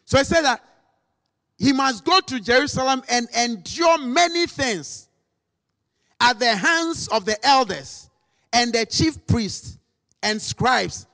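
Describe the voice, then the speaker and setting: Male preacher, slow deliberate delivery, lively pitch, sermon in a long-reverb hall. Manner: dramatic, acts out quotes, rises to shouts.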